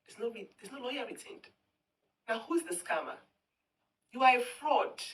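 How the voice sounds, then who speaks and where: A woman's voice: on the high side, lively intonation, normal speed, a bit bright, far from the mic, poor audio. A woman ranting straight to camera in a scornful, confrontational, taunting way. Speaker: social media commentator. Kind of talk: heated direct-to-camera rant.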